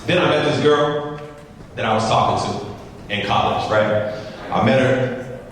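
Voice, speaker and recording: A man's voice: mid-range voice, measured pace, fairly bright tone, slight background noise. A man giving a humorous, repetitive storytelling speech, talking straight to the audience, heard from far off in a large hall. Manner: humorous, repetitive, addresses the crowd directly. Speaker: motivational speaker.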